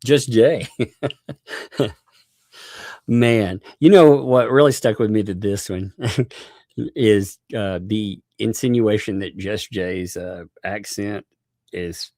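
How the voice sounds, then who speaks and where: A man's voice: on the low side, slow, pauses often, a little mellow, no echo, clean studio sound. A man hosting a live stream, chatting casually, laughing often and thanking viewers by name.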